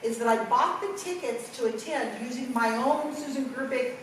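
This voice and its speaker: A middle-aged woman giving a workshop talk, telling a story with lively, acted-out quotes. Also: sits high, moderate pace, a little hiss or hum. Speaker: workshop presenter. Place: conference room. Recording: echoey room from far off.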